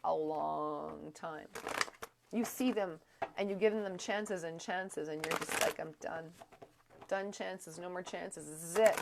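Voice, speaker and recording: A woman's voice: medium pitch, gravelly, noisy background. Rambling woman giving a tarot reading. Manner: rambling, halting, many fillers and restarts. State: coughing, throat strained. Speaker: tarot reader. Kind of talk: live psychic reading.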